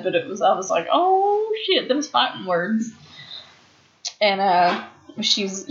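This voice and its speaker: A woman co-hosting a casual chat, recapping wrestling and acting out quotes with frequent laughs. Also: mid-range voice. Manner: chatty, laughs often, acts out quotes. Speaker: podcast co-host. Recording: dull lo-fi sound.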